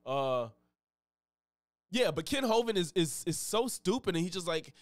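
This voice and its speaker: A man's voice: sits high, sing-song, a little slow, pauses often, dry recording. A man hosting a live stream, chatting loosely and profanely in a rambling way. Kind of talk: casual live-stream reaction chat.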